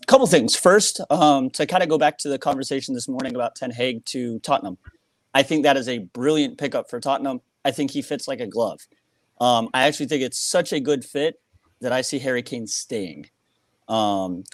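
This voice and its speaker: A man's voice: medium pitch, no echo. A man with an American accent calling in to a fan show, talking earnestly with lots of hesitations. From born in England, raised in the US. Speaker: caller. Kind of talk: casual phone-in chat.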